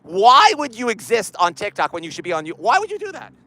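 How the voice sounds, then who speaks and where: An excitable man vlogging outdoors on a city street, rambling loudly at a phone set down nearby. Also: high voice, quick pace, rough recording. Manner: excitable, loud and rambling, talks to his phone. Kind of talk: rambling comic street vlog. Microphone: phone camera set down nearby.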